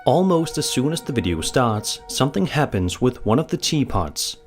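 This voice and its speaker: A man reading scripted narration of eerie stories in a measured, even delivery. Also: medium pitch, music in the background.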